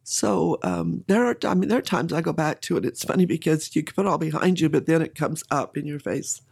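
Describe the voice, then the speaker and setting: A woman's voice: low voice, sing-song, brisk, vocal fry, a little mellow, breathy edge. A middle-aged woman candidly telling a personal story in an interview, with emotion and occasional laughter.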